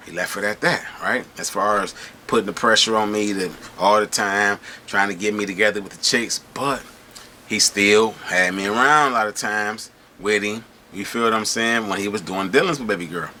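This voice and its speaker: A middle-aged man from Michigan telling prison stories in an animated, slangy way, often checking in with his listeners. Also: lowish voice, normal speed, slight background noise. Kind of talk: casual storytelling to camera.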